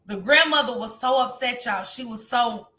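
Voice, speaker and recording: A woman hosting a live stream and talking casually to her viewers about a case, animated and speaking straight to the audience. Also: fairly high pitch, normal speed. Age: grandmother.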